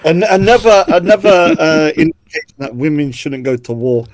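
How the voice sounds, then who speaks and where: Bloke on a live panel, teasing and provocative, dry sound no room. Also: male voice, a little high, expressive, moderate pace, no room sound. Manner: mocking, provocative joking. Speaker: panel guest. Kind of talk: casual banter on a live stream.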